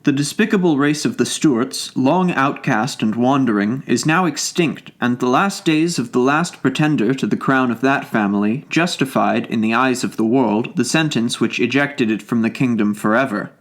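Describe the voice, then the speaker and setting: A man's voice: mid-range voice, normal speed, few pauses, lightly acted. A man reading the part of a self-assured Tory doctor in an audiobook, speaking in a cool, emphatic, lecturing manner.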